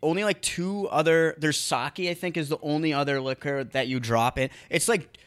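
A man's voice: on the high side, moderate pace, a bit bright, clear, resonant tone. Rambling, hesitant podcast co-host man. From New England. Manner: rambling, hesitant, full of likes and restarts. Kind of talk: casual podcast banter.

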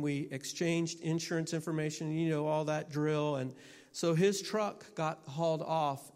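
Male minister, slightly high voice, halting storyteller in a sermon, with a long reverb tail. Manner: halting, repeats his starts. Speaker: minister and teacher.

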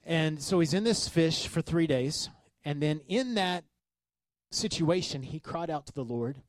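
A man preaching a sermon as pastor, reading scripture and commenting with animated asides. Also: fairly high pitch, unhurried, no echo. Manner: animated, acts out the sailors' voices.

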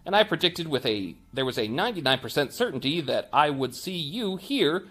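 A man's voice: a little high, very animated, brisk, fairly bright tone, breathy edge, faint music behind, exaggerated voice. A man voicing a smug upgraded AI. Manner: formal, superior. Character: smug upgraded AI assistant, male, calculating. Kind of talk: game master voicing a character.

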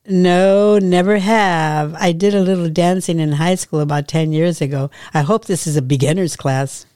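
A woman's voice: on the low side, steady tone, moderate pace, warm tone, clean tone, no room sound, clean studio sound, close to an everyday voice. A woman voicing a nervous young man. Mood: earnest.

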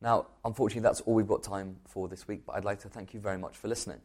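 A man hosting a podcast, reading measured, scripted narration that explains and introduces clips. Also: on the low side, steady tone, darkish tone. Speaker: podcast host.

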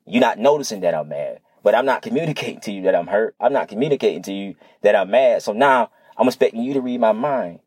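A man's voice: fairly low pitch, animated, fast talker, few pauses, darkish tone, breathy edge, no echo. A young man speaking earnestly and casually to listeners about communication, repeating his points in plain conversational slang. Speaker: motivational speaker. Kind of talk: unscripted motivational monologue.

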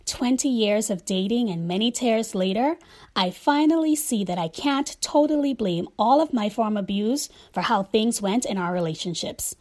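A woman's voice: fairly high pitch, moderate pace, a little mellow. A woman in her forties giving a candid, wry, faith-tinged spoken essay about relationships.

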